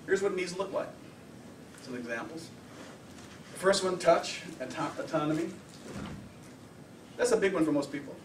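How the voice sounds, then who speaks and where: A man counseling and lecturing at a workshop, lively and full of rhetorical questions. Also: high-pitched, roomy sound, far from the mic, slight background noise, poor audio. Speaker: anger management counselor.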